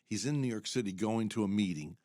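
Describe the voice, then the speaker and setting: A man's voice: lowish voice, brisk, a little mellow, no room sound, clean studio sound. An older man co-hosting a casual talk show, telling rambling stories and acting out the quotes. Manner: rambling anecdotes with acted-out quotes. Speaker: co-host. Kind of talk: casual storytelling chat.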